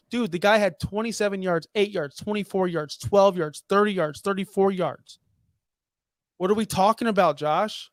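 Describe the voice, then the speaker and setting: A man's voice: sits high, dry recording, studio quality. A man co-hosting a fantasy football podcast, talking in a fired-up, emphatic, ranting way. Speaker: podcast co-host. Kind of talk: heated fantasy football talk.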